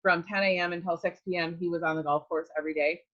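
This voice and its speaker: Woman, low voice, earnest testimonial, filler-heavy, slightly muffled recording. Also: steady tone, quick pace. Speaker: network marketing distributor. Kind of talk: personal testimonial.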